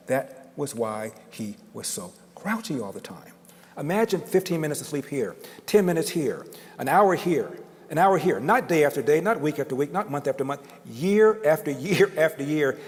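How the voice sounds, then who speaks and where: A man's voice: mid-range voice, a little mellow. An older man giving a storytelling speech to an audience, dramatic and building emphasis through repetition. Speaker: guest speaker. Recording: long reverb of a large hall.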